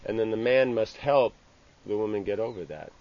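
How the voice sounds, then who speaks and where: A man giving an informal scripture class. He speaks haltingly, restarting phrases and tagging lines with "you know". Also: on the low side, lively intonation. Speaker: religious teacher. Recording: dull lo-fi with faint ambient hiss.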